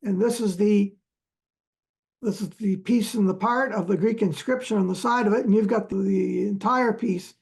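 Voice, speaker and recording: Gravelly halting male archaeologist. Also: high-pitched, fairly even intonation. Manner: halting, many fillers and restarts, chuckles often. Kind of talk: relaxed storytelling chat.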